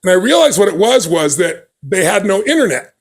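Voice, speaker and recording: A man as a podcast guest, telling a story in conversation with emphatic, animated delivery, acting out the dialogue he quotes. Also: sits high, fairly quick.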